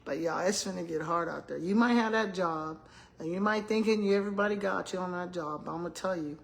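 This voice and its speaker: An older woman from the American South talks straight to her viewers in a loose, chatty vlog. Her voice sits a little low, and she tells her stories with frequent laughter. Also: fast talker, vocal fry. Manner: animated storytelling, laughs often, addresses viewers as y'all. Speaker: retired school principal vlogger. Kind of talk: casual chat to viewers.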